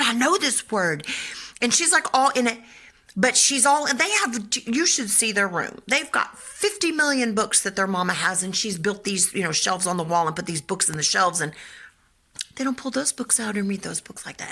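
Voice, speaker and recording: An older woman, a children's book author and grandmother, telling a lively story in casual talk and acting out voices as she goes. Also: medium pitch. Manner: animated, chatty, acts out voices.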